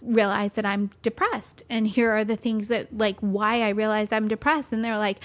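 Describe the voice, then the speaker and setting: A woman co-hosting a podcast in casual chat, animated and mimicking other people in high voices. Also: moderate pace, few pauses.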